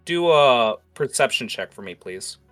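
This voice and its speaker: A man's voice: medium pitch, lively intonation, measured pace, a bit bright, faint music behind. A man running a tabletop role-playing game, narrating loosely and peppering his speech with "uh" and "like". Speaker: game master.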